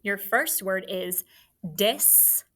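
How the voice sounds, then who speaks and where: Woman, phonics teacher, slow dictation, patient, encouraging, mid-pitched. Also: animated, noisy background. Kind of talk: phonics lesson for young students.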